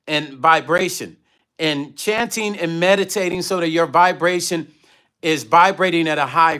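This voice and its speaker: A man hosts a candid livestream, speaking in a slightly high, bright, forceful voice. He tells stories bluntly and with animation, breaking off to read viewer comments aloud. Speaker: livestream host and musician.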